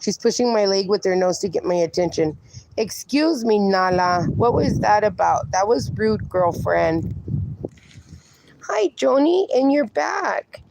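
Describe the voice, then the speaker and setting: A woman livestreaming in a casual, chatty way, talking to her dogs and to her viewers, her voice going hoarse. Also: mid-range voice, moderate pace, darkish tone, a little hiss or hum. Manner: chatty, talks to her dogs and reads viewer comments aloud.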